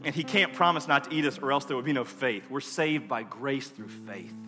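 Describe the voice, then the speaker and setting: Impassioned preacher in a reverberant hall. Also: male voice, mid-range voice, brisk. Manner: builds from hushed prayer to impassioned preaching. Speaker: pastor. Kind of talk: sermon. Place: church sanctuary. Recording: music, long hall reverb.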